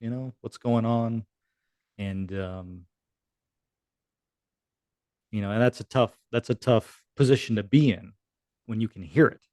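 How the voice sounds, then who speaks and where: A man's voice: on the low side, unhurried, long pauses, a little mellow, dry recording, clean studio sound. A man in his thirties, a military veteran guest on a podcast, telling a war story in a casual, profane way. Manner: casual, profane, acts out quoted dialogue. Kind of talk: conversational storytelling.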